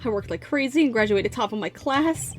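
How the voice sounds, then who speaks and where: A woman plays an eager, insecure young man in a game who keeps trying to prove himself. The voice sits a little high, with faint game music under it. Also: lively intonation, fairly quick, lightly acted. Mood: pleading. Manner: pleading, earnest.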